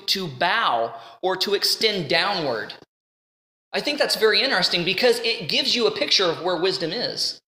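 Woman Bible teacher, earnest and chatty, bright tone, echoey room. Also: medium pitch. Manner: earnest, conversational, pleading at times.

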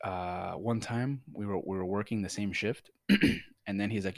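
A man co-hosting a casual podcast, telling stories in an animated, profane way and laughing at himself. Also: fairly low pitch, normal speed, gravelly, dry recording, clean studio sound. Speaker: podcast co-host. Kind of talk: casual storytelling chat.

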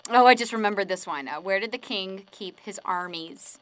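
A woman telling corny jokes in an unhurried, giggly way. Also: mid-range voice, fairly bright tone, no room sound, rough recording. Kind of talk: joke telling.

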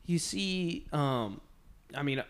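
A young man from Texas, hosting a podcast and telling stories in a relaxed, rambling way. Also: a little high, slow, clean tone. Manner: relaxed, rambling, fillers like "you know what I'm saying". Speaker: podcast host. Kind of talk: casual storytelling chat.

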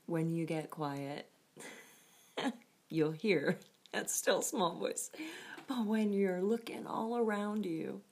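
A woman's voice: lowish voice, slow pace, pauses often, a little mellow. A woman hosting a casual devotional talk, often laughing and thinking aloud as she goes. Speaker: host of a devotional show.

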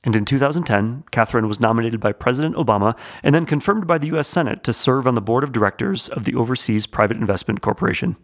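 A man's voice: medium pitch, expressive, fast talker, few pauses. A man, co-hosting a podcast and reading an earnest, inspirational intro. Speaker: podcast co-host.

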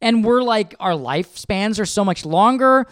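A man's voice: sits high, lively intonation, moderate pace, dry recording, studio quality. Joking, swearing man on a podcast. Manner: joking, defensive, heavy swearing. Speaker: podcast co-host. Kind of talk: casual couple chat.

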